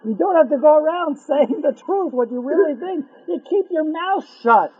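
A man teaching a religious class to men, telling a story with animated humor. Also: extremely high pitch, moderate pace, no echo. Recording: tinny phone-like line.

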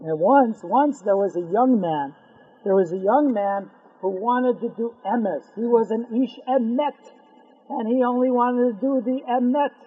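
A man leads a religious class for men, telling a story with lively jokes and asides. His voice is husky and high for a man, and the audio is thin and tinny, like a phone call. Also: unhurried. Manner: animated, joking storyteller. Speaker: religious teacher.

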